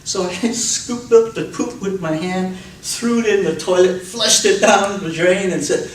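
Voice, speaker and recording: Slow, animated male speaker in an echoey room. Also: sits high, slight background noise. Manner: expressive storytelling, acts out cries and quotes. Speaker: public speaker. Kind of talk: speech on public speaking. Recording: echoey room from a distant mic, faint ambience.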